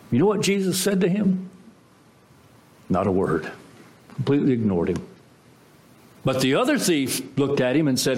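A man preaching a sermon as pastor, emphatic, with dramatic swings in pitch. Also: a little mellow.

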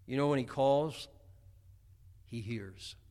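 A man's voice: medium pitch, takes it slowly, mellow. A middle-aged man preaching a homespun sermon, chatty, with many stammered restarts. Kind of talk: folksy sermon.

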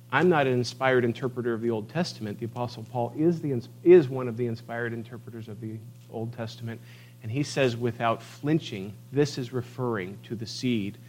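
A man preaching a sermon, emphatic, swinging between quiet asides and loud declarations as he reads scripture. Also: mid-range voice, a little hiss or hum. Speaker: pastor.

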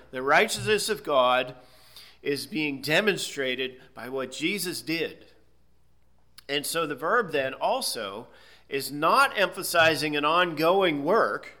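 This Bible teacher has a man's voice that sits on the high side and sounds sharp. His expository lecture is methodical, walking through word meanings one step at a time and asking "okay?" along the way.

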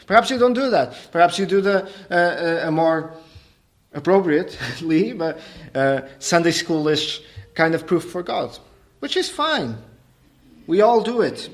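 A man's voice: on the high side, animated, a little slow. Man preaching an emphatic, rising sermon. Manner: emphatic, rising to forceful peaks, repeats phrases; rhetorical questions to the congregation.

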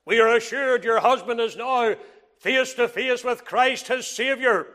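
A man with a high voice preaching a sermon. He moves between loud, emphatic declarations and soft, hushed lines, repeating key phrases in an old-fashioned scriptural manner. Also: unhurried.

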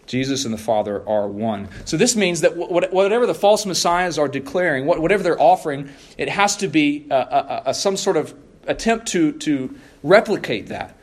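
A male pastor with a slightly high, animated voice delivers a sermon in an earnest, measured way. He repeats key phrases for emphasis and sometimes stumbles over a restart.

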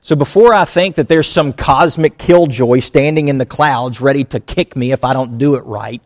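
A male pastor delivering a conversational sermon, mixing earnest teaching with quick acted asides. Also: mid-range voice.

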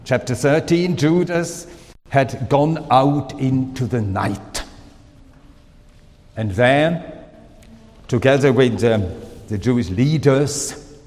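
A man with a German accent, a native German speaker, preaching a sermon in slow, deliberate phrases with pauses and fillers. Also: mid-range voice, a little mellow, big-room sound.

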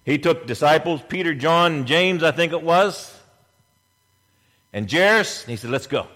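Animated preacher man in a reverberant church. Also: a little high, unhurried. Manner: animated preaching, acting out scripture scenes in character voices. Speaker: pastor. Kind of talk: sermon.

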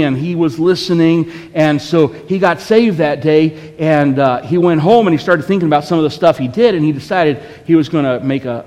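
A pastor preaching a sermon in a church, his slightly raised voice carrying a long reverb through the hall. He tells his story conversationally, often pausing to ask the congregation "okay?". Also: a little high, a little mellow. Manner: storytelling with frequent "okay?" asides.

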